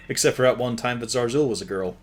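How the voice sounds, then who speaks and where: A man's voice: medium pitch, a little hiss or hum. A man narrating as game master in a tabletop game, laughing often as he describes scenes.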